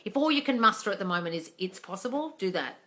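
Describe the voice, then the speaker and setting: Bright-voiced woman swearing through a live Q&A. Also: mid-range voice, expressive, fast talker. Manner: blunt, swears freely, calls viewers darling. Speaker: manifesting coach answering live questions. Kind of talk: casual live-stream Q&A reading comments.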